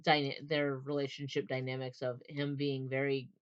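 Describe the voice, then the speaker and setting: Her bass voice barely shifts in pitch and moves at normal speed, clear and resonant on a lo-fi recording. This book reviewer rambles casually through a novel's characters, full of fillers and restarts, voicing quoted lines as she retells scenes.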